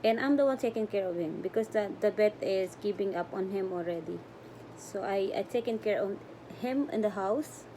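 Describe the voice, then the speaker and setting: A woman's voice: medium pitch, moderate pace, mellow, slight background noise. Woman cooing to her cat. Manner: fond, rambling, repeats herself, broken English, coos to the cat. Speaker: pet vlogger. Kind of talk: casual vlog talk to her cat and viewers. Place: home.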